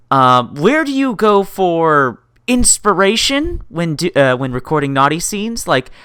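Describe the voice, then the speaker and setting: A woman interviewer with a notably deep voice whose pitch moves around a lot. She is affectionate and playfully teasing, and calls her guest "dear". The sound is dry and close, with no room around it. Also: a bit bright, clean tone, dry recording. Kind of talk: casual interview chat.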